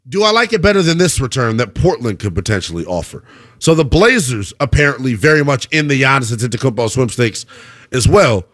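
This sports talk radio host has a higher-leaning voice and pushes his opinions with animated delivery and plenty of rhetorical questions.

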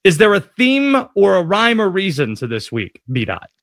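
A slightly high-voiced male sports radio host who talks in a playful, self-mocking way. His voice is close and dry, with no room sound around it. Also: moderate pace, no room sound. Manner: jokey, self-deprecating, animated. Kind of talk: casual sports radio chat.

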